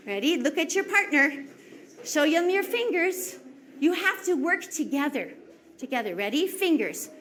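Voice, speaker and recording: Woman classroom teacher, high and lively voice, slow and sing-song. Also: slight background noise. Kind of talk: classroom instruction.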